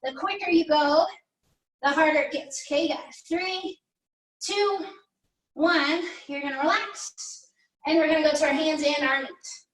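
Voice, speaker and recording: High-voiced woman coaching a workout. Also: a little slow, long pauses, fairly bright tone. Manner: encouraging, chatty, counts down reps. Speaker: pilates instructor. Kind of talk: workout class instruction. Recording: echoey room, mic at a distance.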